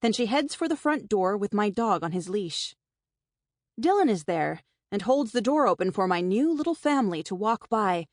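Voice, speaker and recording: A woman's voice: mid-range voice, sing-song, normal speed, no room sound. A woman reading a first-person novel aloud in a wry, conversational way, close to the mic. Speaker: audiobook narrator. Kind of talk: first-person scripted narration. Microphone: close studio mic.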